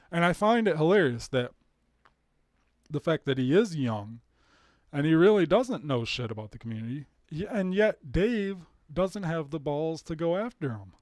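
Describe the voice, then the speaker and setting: A man's voice: a little high, darkish tone, no room sound, studio quality. Blunt, profane man ranting on stream. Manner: profane, blunt, laughing asides. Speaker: live streamer. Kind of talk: casual ranting live stream.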